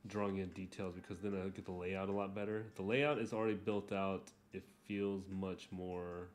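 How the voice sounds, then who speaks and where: A man hosting a drawing livestream, talking casually while he sketches, rambling and joking at his own expense, often trailing off into soft mumbles. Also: sits low, level tone, moderate pace. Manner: rambling, jokey and self-mocking.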